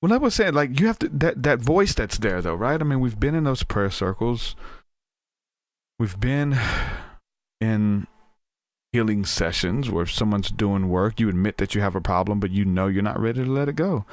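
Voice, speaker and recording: A man hosting a podcast, telling a story in a loose, animated way and acting out what people said, with frequent restarts. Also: fairly low pitch, moderate pace, dry recording. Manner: animated, acts out quoted voices, frequent restarts. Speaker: podcast host.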